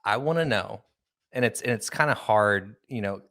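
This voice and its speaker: A man's voice: on the low side, normal speed, a bit bright. A man hosting a podcast with an irritated throat, chatting casually and asking questions in bursts. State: irritated throat, clears it and coughs. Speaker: podcast host and interviewer. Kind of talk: casual conversation.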